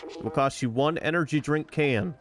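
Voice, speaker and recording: A man's voice: a little high, moderate pace, pitched above the performer's own voice, natural voice. A man voicing a haggling male robot market trader in a put-on American Southern accent, with a drawling sales patter.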